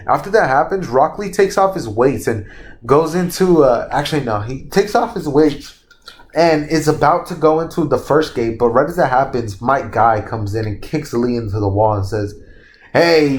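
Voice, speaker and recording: A young man casually retelling a made-up fan story, rambling, stopping to recall names and correcting himself, swearing freely. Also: medium pitch. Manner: laughs at his own slips, swears casually.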